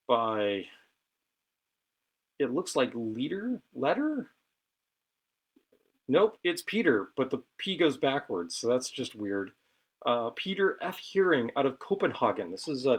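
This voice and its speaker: A man with a fairly high voice hosts a casual cocktail show from his home bar. Chatty and self-deprecating, he explains each step as he mixes.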